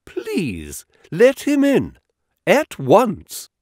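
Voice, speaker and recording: A man doing a wry, eager gentleman detective. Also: a little high, huge pitch swings, slow, no room sound, clean studio sound, full character voice. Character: eager brilliant male detective, dry wit.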